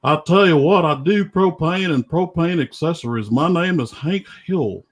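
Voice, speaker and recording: A man voicing a stern, folksy middle-aged propane salesman with a slow Texan drawl. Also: fairly high pitch, voice pushed up, close to an everyday voice.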